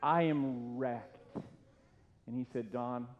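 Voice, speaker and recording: A middle-aged man with a fairly high voice tells a tribute story slowly, mocking himself as he goes. His voice rings through a church hall. The recording is dull and lo-fi, with a faint hiss underneath. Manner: self-deprecating, animated storyteller. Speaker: former youth pastor giving a tribute. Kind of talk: humorous anecdotal tribute speech. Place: church hall at a retirement party.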